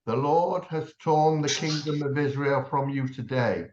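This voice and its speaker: A man's voice: medium pitch, unhurried, hardly any pauses. Man reading scripture in an echoey room. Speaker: student reading verses aloud. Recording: echoey, dull, from far off.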